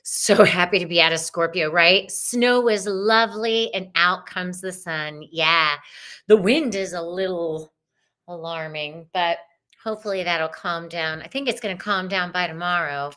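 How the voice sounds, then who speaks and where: A woman's voice: lowish voice, unhurried, sharp tone, smooth. A woman hosting a live-stream tarot and astrology show, chatting casually and bubbly, greeting viewers by name.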